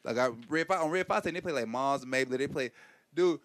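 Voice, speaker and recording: A man's voice: on the high side, fairly quick, crowd noise. A man in casual chat, talking loosely in slang with frequent restarts. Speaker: co-host discussing stand-up comedy.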